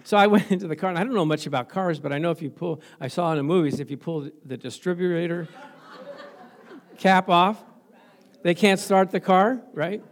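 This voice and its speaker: A man's voice: high voice, normal speed. A middle-aged male pastor preaching a sermon, telling stories with laughter and frequent praise interjections.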